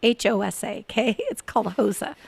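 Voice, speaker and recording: Animated woman in her forties telling a story. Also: fairly high pitch, fairly quick, gravelly, breathy edge. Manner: animated, laughs often, acts out quoted voices. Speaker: podcast guest. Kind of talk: casual storytelling.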